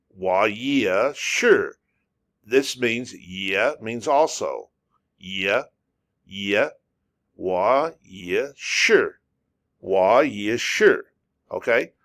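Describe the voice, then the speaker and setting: Slow, patient male language teacher. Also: mid-range voice, fairly bright tone. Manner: drills words over and over, patient. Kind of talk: slow, repetitive language lesson.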